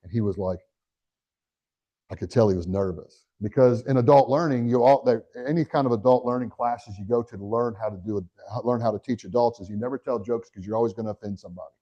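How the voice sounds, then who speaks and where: A middle-aged man giving a live real estate training, energetic and talking straight to the audience with questions. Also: mid-range voice, quick pace, dull audio. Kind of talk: live motivational training talk.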